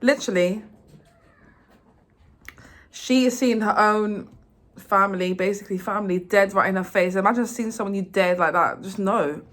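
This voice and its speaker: A young woman retells a game's story in a loose, rambling way, tripping over her words and piling on fillers. Her voice sits at an ordinary middle pitch and keeps an excitable edge as she talks. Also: normal speed, long pauses. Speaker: vlogger. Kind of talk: casual game recap.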